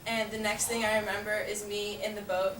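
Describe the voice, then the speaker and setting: A woman's voice: mid-range voice, flat delivery, a little fast, fairly bright tone. Woman telling a goofy story, says like a lot, laughy, sounds far off in a roomy space w/ background noise. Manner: chatty, laughs often, uses "like" a lot. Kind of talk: casual spoken personal story. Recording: echoey room, far from mic, noisy.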